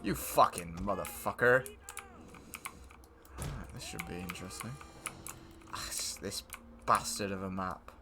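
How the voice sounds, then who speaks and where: A man's voice: sits low, measured pace, pauses often, noisy background. A man streaming a game live, giving casual commentary full of blunt, profane banter.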